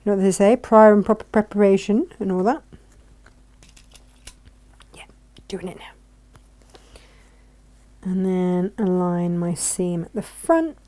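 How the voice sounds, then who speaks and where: A woman's voice: mid-range voice, a little slow, long pauses, warm tone. A woman chatting as she sews, talking herself through each step with self-mocking asides. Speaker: sewing vlogger. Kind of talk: chatty sewing tutorial. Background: sewing machine.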